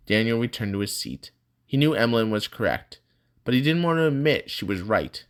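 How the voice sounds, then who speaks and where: Guy reading a fantasy audiobook, steady and measured. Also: mid-range voice, smooth. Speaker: audiobook narrator. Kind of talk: audiobook narration.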